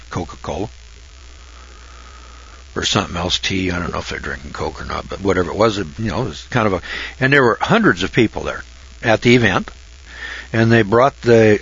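In a dull, lo-fi recording, an older man with a fairly low, slightly rough voice and a fairly bright tone spins a long, folksy yarn. He drawls, uses many fillers and restarts, and eventually moves into Bible commentary.

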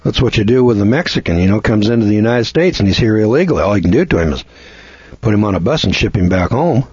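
A blunt, scornful man rambles through a lecture with frequent restarts. His voice sits low and husky. The recording is dry and dull, with a lo-fi sound. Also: expressive, fast, a little mellow, dry recording. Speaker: seminar lecturer. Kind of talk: folksy lecture.

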